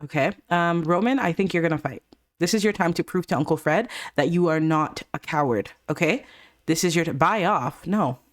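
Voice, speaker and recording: A woman chatting through a life-sim game session, excitable and reactive. Her voice swings from low mutters up to high squeals whenever something surprising happens. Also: normal speed. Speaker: let's play gamer. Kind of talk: casual game commentary.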